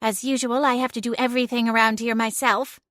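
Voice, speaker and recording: A woman's voice: sits high, moderate pace, a bit bright, no room sound, pitched above the performer's own voice. A woman voicing a sarcastic, bossy female talking cat in an audiobook, with dry quips. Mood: sardonic. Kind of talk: audiobook character voice.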